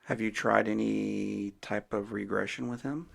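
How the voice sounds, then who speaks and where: A man hosting a podcast interview, calmly asking short follow-up questions. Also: fairly low pitch, unhurried, vocal fry. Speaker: podcast host. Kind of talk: interview, brief prompts and questions.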